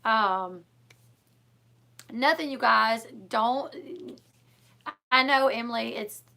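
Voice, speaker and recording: Bright, gravelly woman rambling. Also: on the high side, slow. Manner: rambling, filler-heavy, lots of "like" and "um"; emotional, retelling a scare. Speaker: vlogger. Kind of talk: casual personal storytelling.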